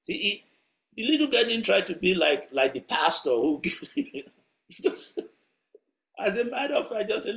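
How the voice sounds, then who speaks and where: A man preaches by telling a story, in a conversational way with chuckles along the way. His voice sits fairly high for a man. He speaks directly to the people listening. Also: sing-song, unhurried, creaky, long pauses, fairly bright tone. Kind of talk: sermon storytelling.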